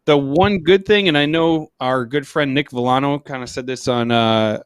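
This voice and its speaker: A man's voice: mid-range voice, normal speed, smooth, no echo. Jokey man in dry close sports chat. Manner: talkative, jokey. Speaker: podcast co-host.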